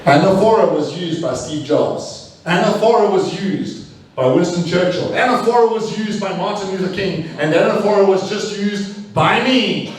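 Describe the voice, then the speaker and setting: A man giving a live language evaluation at a speaking club, energetic and emphatic, often repeating phrases and correcting himself. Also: high-pitched, moderate pace. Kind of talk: live speech evaluation to an audience. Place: meeting room with audience. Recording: echoey room, mic far off.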